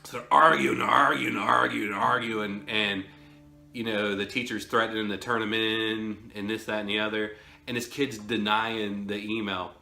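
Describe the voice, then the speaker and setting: A man's voice: lowish voice, little pitch movement, normal speed, bright, forceful tone. A man telling a story in a casual, rambling way, often chuckling. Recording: roomy echo, faint music.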